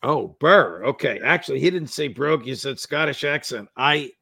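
A man's voice: medium pitch, lively intonation, moderate pace, vocal fry, bright, forceful tone, breathy edge, no echo. An older man hosting an interview in a formal, courteous manner. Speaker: host.

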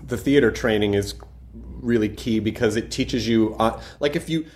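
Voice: mid-range voice, moderate pace, darkish tone. Enthusiastic casual interviewer. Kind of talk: interview chat.

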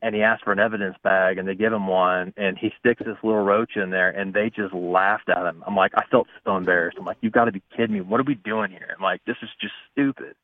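A man in his thirties, a police officer, chatting casually and quickly on a radio show. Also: low voice, steady tone, dry recording. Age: 30s. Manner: fast, easygoing, full of restarts. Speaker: police officer, call-in guest. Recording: tinny phone line.

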